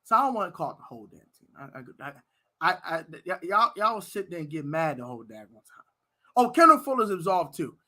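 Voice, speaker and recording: An American man hosting a fan live stream, ranting loudly about his team's players and shouting at times. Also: high-pitched, a little fast. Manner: loud, animated ranting, shouting and laughing. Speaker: sports fan show host. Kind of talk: heated live-stream rant.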